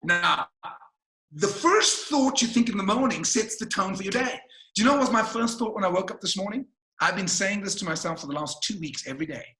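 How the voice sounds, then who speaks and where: A man's voice: high voice, fast talker, bright, forceful tone, reverberant, low-quality recording. A man giving a motivational webinar talk, emphatic, asking rhetorical questions and telling stories. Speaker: motivational speaker. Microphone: video call mic.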